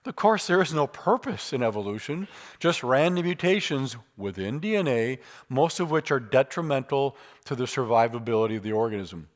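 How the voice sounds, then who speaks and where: A man giving a lively church lecture on faith and science, speaking in an emphatic, conversational way with touches of humor. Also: mid-range voice, moderate pace. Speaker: church speaker teaching apologetics.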